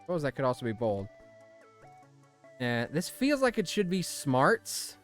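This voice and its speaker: A man's voice: a little high, a little slow, soft background music. Chatty man hosting a game stream. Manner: chatty, animated, laughs often. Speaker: let's play host. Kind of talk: casual gameplay commentary, reading game text aloud.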